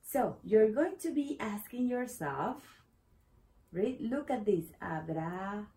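Woman, Latin American Spanish accent, Spanish teacher, slow and patient, mellow tone. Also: medium pitch, big pitch swings, rough recording. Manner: patient, repeats words slowly for learners. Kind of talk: explaining a language lesson.

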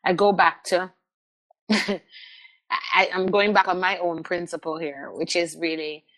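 A middle-aged woman, a guest telling personal stories in an interview, animated and repeating words as she restarts sentences. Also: on the low side, slow. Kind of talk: candid conversational interview.

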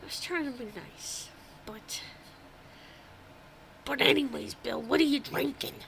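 Brief: young woman co-host, high voice, animated and laughing, faint hiss behind. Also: a little slow, gravelly. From New England, US. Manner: animated, laughs often, acts out quoted voices. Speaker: podcast co-host. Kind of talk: casual chat.

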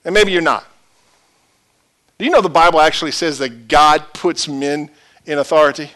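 A male pastor preaching a sermon in a church, swinging from loud shouted peaks to quiet low asides. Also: measured pace, long pauses.

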